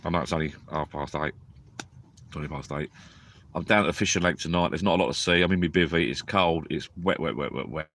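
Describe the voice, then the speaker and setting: A man's voice: low-pitched, steady tone, fast talker, a bit bright. A tired man, chatting rambly and drowsily on a live stream from inside a small tent at a lake at night. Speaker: fishing vlogger. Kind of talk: casual live-stream chat.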